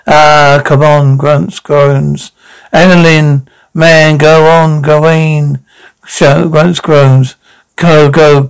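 A man reading aloud a TV drama script by himself, taking every part and calling out the sound cues in a flat read-through. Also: a little high, creaky, low-quality recording. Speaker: reader voicing a TV drama episode.

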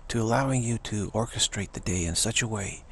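A man giving an earnest spiritual pep talk as a teacher, halting and repeating himself as he goes. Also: on the low side, creaky, background noise. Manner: earnest, repetitive, halting with restarts.

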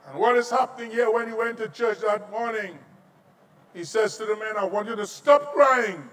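Trinidadian preacher, high voice, swinging to shouts. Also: male voice, normal speed, recorded from a distance. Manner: preaching with sudden shouted peaks and quiet asides. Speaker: visiting pastor. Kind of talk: sermon. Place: large auditorium.

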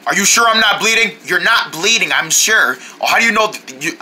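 A performer voicing a calm, deep-voiced buddy in a homemade toy adventure, talking slowly and steadily.

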